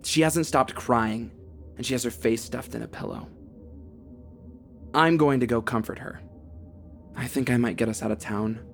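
Gravelly young man narrating horror. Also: mid-range voice, moderate pace, pauses often, soft background music. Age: young adult. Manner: steady, tense first-person telling.

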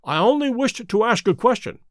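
A man voicing a sharp, self-assured male detective, measured and quietly commanding, with a high, lively voice. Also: dry recording, studio quality. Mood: cool.

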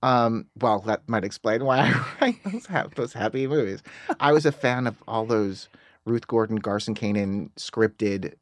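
Interview guest: middle-aged American man, low voice, dry close sound, animated self-mocking storyteller. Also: unhurried, no room sound. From United States. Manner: self-deprecating, animated, laughs while telling stories. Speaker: screenwriter guest.

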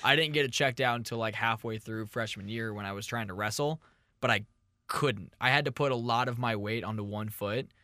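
A young man co-hosts a casual podcast, telling rambling stories with a joking edge. His voice is bright and forward, sitting at a middle pitch. The recording is dry and close, with no room sound. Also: a little fast, no room sound. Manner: rambling, jokey storytelling. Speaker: podcast co-host. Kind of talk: casual chat.

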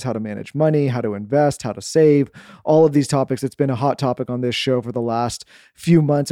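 Male host, mellow tone, fast, steady ad read, dry studio sound. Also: mid-range voice, no echo. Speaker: podcast host.

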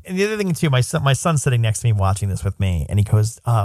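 A man's voice: mid-range voice, big pitch swings, fast, few pauses, a little mellow, no room sound. A man with a mid-range voice co-hosts a casual movie podcast. He talks thoughtfully and works through his ideas aloud. The sound is dry and close. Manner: thoughtful, reasons things out aloud. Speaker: podcast co-host. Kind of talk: casual chat about a movie.

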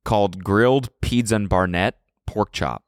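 A man hosting a podcast, teasing his co-hosts in deadpan banter. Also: fairly low pitch, a little slow, dry recording, studio quality. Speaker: podcast host. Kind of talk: casual chat.

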